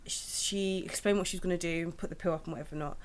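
Young woman, kinda low voice, rambly and candid, lots of likes. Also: fairly even intonation, racing. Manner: candid, rambling, with many restarts and "like". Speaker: guest sharing her birth story. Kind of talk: casual chat.

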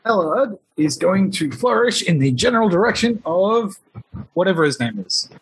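A man's voice: high voice, very animated, moderate pace, slight background noise, poor audio. A man playing in a tabletop game, chatty and playful while explaining his moves and rules. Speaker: player.

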